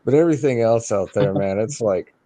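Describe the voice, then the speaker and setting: Blunt dude calling in, cusses a lot, mellow dark voice. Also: male voice, fairly low pitch, a little fast. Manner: blunt, swears freely. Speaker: caller. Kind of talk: casual call-in chat.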